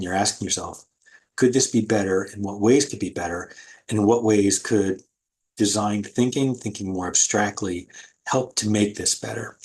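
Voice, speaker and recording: Low husky male art lecturer. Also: a little mellow. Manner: casual, thinking aloud with many fillers. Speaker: art instructor. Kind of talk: recorded online lecture.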